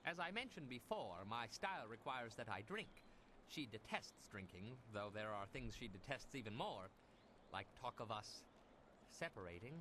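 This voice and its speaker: An actor playing a henpecked middle-aged ex-fighter turned bun maker, wry and self-pitying in a game. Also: male voice, mid-range voice, sing-song, moderate pace, bright, forceful tone, a little hiss or hum. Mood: rueful. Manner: wry, self-pitying, proud of small things. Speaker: game character.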